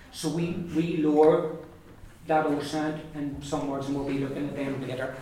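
A man's voice: fairly high pitch, steady tone, normal speed, mellow. A man with an Ulster accent teaching a language class, carefully modelling sounds and drilling words aloud for his students. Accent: Ulster Irish English. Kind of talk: classroom pronunciation lesson. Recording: echoey room, mic far off, faint noise.

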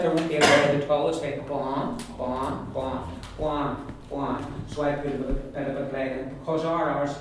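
A man's voice: a little high, far from the mic, a little hiss or hum. Echoey male teacher drilling sounds. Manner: patient, demonstrates sounds by repeating them slowly. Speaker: language teacher. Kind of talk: pronunciation lesson with repeat-after-me drills.

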